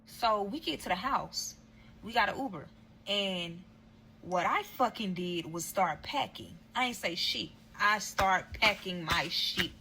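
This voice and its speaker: A woman with a bright, forceful voice tells a story straight to camera in a casual vlog. She is blunt and profane, talks right to her viewers, and slips into other voices for quotes. There is faint noise behind her. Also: mid-range voice, a little slow, low-quality recording. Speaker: storyteller recounting a breakup.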